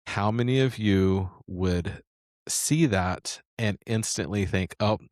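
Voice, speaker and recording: A man's voice: on the low side, slow pace, darkish tone, dry recording, clean studio sound. A man hosting a sales coaching show, telling a story and promoting a training series in an enthusiastic, rambling way with frequent restarts. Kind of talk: casual sales coaching talk.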